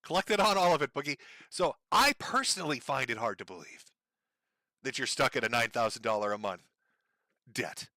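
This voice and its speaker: A man's voice: medium pitch, animated, normal speed, pushed and bright, no room sound. A middle-aged man giving angry, profane commentary on a livestream, mocking and sarcastic, sore from broken ribs. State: in pain from broken ribs, on medication.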